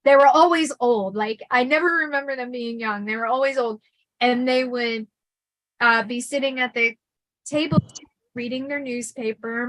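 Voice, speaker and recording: Chatty woman with a bright, high voice. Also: dry recording, low-quality recording. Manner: chatty, animated, many fillers. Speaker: host. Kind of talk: casual storytelling livestream.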